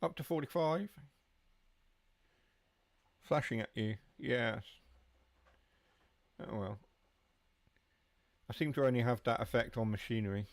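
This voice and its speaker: Streaming a train simulator, a man in a mid-range voice chats casually with viewers and answers chat while he drives. He sounds animated but keeps a measured pace, pausing often, with some vocal fry and no room sound.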